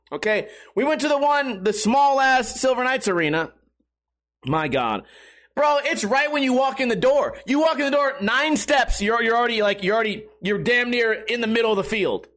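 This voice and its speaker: A young man hosting a casual podcast, profane and animated, bursting into loud shouts. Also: extremely high pitch. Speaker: podcast host. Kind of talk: casual rambling chat. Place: at home.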